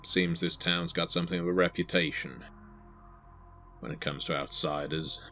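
A man's voice: deep voice, fairly even intonation, moderate pace, sharp tone, soft background music. A man voicing a stern male sheriff who used to be a soldier. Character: stern middle-aged male sheriff, former military.

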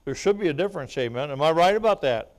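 Man preaching a revival sermon, rising to a shout. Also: fairly high pitch, expressive, fast talker. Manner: testimony storytelling building to loud preaching; frequent amen and laughter. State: choked up, weeping. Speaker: evangelist.

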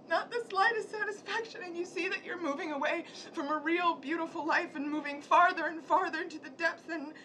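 Stage role: actress as a despairing youngest sister in her twenties, very high voice, anguished and tearful. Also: a bit bright, slight background noise. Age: 20s. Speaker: stage actor. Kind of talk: live stage acting.

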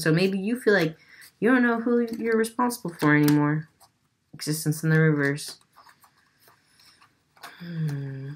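A woman's voice: sits low, slightly rough. A woman giving a casual tarot reading with an unusual accent, chatty and loose, swearing now and then. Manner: chatty, swears, laughs at herself. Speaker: tarot reader.

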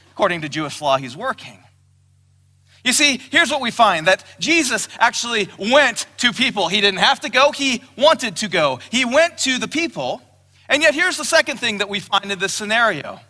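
High, bright-voiced man preaching in a hall. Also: very animated, normal speed. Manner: emphatic preaching, quotes scripture in raised voice. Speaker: pastor. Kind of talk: sermon. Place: church hall. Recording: long hall reverb.

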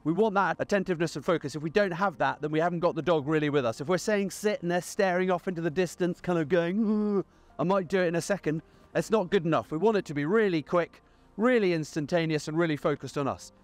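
A man's voice: fairly high pitch, quick pace, hardly any pauses. A man, a dog trainer, giving an upbeat outdoor demonstration and explaining each step plainly. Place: outdoors on grass.

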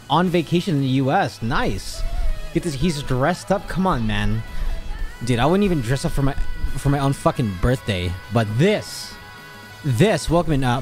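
A young man streaming, chatting casually with his viewers, swearing and ranting in exasperation. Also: mid-range voice. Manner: animated, swearing, exasperated rants. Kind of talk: casual livestream chat.

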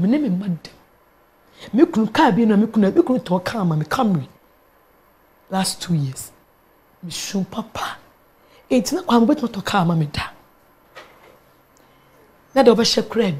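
A middle-aged woman with a Ghanaian accent, a pastor sharing a personal testimony in an animated storytelling manner, switching between English and Twi. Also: medium pitch, normal speed, long pauses. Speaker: pastor and guest.

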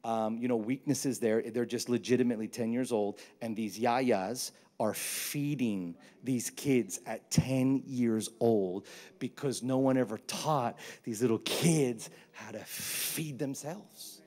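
A man, preaching a sermon with animated, humorous storytelling. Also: medium pitch, takes it slowly. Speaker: pastor.

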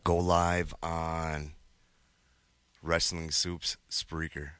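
A man's voice: extremely low pitch, level tone, extremely slow, sharp tone, clean tone, no room sound. A man co-hosting a podcast, chatting casually in a playful, teasing way. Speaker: podcast co-host. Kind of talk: casual chat reacting to clips.

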